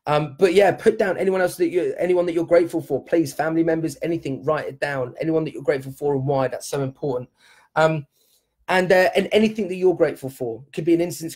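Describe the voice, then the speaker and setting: A man's voice: on the high side, darkish tone. A man hosting a live stream from home, giving viewers an upbeat, encouraging motivational talk and speaking straight to them. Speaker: live-stream host, dance company leader. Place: at home during lockdown.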